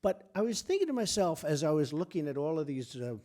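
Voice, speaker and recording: A man's voice: a little high, big pitch swings, a little fast, mellow. A man giving a luncheon speech as a guest speaker, boastful and repetitive, talking in punchy short phrases at a podium microphone. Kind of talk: speech delivered as casual anecdotes. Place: hall at a press club luncheon.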